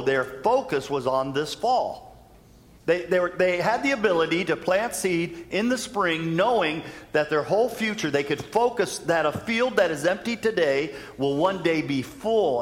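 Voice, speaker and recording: A male pastor, a little high-voiced, delivers an animated storytelling sermon. He speeds up and slows down for emphasis while a long church reverb hangs on his words.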